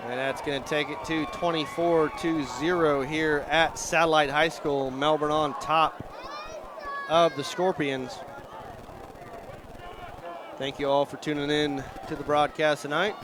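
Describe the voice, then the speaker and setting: A man calling a live high school football game outdoors in a folksy, excitable way and plugging sponsors between plays. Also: measured pace. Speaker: play-by-play commentator and show host. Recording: outdoor stadium noise.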